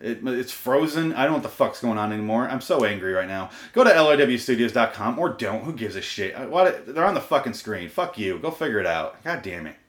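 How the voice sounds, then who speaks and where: A man rants at his camera in a solo vlog, swearing freely and sounding fed up. His voice sits at an ordinary pitch for a man. The room adds a noticeable echo. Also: expressive, brisk, few pauses. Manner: profane, exasperated ranting. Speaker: vlogger. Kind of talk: ranting solo video. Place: room recorded on camera and portable recorder.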